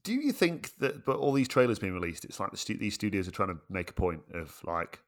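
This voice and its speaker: A man co-hosting a podcast, chatting casually about films, easygoing and thinking out loud. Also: lowish voice, very animated, a little fast. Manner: easygoing, short reactions, thinks aloud. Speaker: podcast co-host. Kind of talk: casual film chat.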